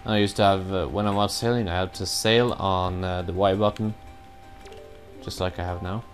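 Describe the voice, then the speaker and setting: A man's voice: sits low, steady tone, moderate pace, soft background music. A man giving casual, rambling commentary while he plays a video game, cursing now and then at his own mistakes. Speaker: let's play gamer.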